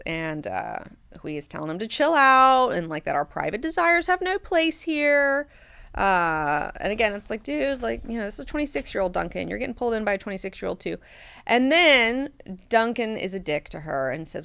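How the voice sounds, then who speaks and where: A woman hosting a book club, recapping chapters in a chatty, animated way with frequent filler words. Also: a little high, moderate pace, gravelly, smooth, dry recording, studio quality.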